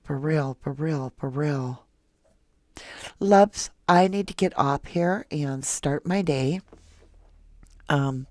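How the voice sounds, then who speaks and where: A woman's voice: deep voice, no room sound, studio quality. A woman hosting a live true crime stream, chatting casually and emotionally with viewers and reading their comments aloud. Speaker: true crime livestream host. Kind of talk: casual livestream chat with viewers.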